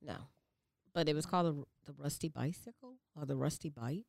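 A woman's voice: sits low, animated, fairly quick, creaky, darkish tone, no room sound, studio quality. A woman from Savannah, Georgia, chatting casually and teasingly, with many fillers. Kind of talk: casual chat.

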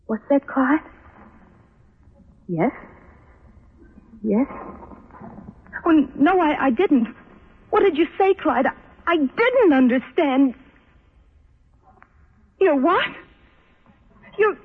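A woman's voice: high-pitched, very animated, heavily acted. Lovesick young woman. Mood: devastated. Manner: emotional, halting, breathless pleading. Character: young woman desperately, obsessively in love. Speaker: lovesick heroine. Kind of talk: old-time radio drama acting. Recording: tinny old radio broadcast with faint hiss.

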